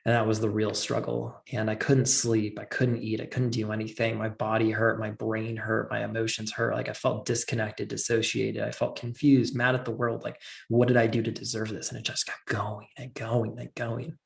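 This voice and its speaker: A man's voice: on the low side, monotone, normal speed, gravelly. A man telling a personal story as a podcast guest, earnest and filling his talk with "like". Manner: earnest, heavy use of "like".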